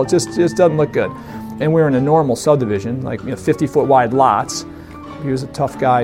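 A man telling a funny story from his youth in a casual, animated way, laughing often and acting out the voices of others. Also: medium pitch, vocal fry. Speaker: storyteller guest. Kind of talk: casual anecdote.

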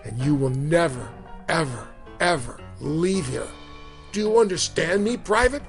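A man voicing a harsh, menacing male Marine drill sergeant who taunts a recruit, swinging between shouted contempt and hissed whispers. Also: fairly high pitch, expressive, unhurried, soft background music. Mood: hollering. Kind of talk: storytelling narration.

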